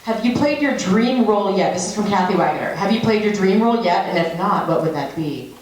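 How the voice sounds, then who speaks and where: A woman's voice: medium pitch, expressive, fairly quick. A woman moderating a convention panel Q&A, chatty and making joking asides. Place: large echoey convention hall. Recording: echoey hall with loud background noise.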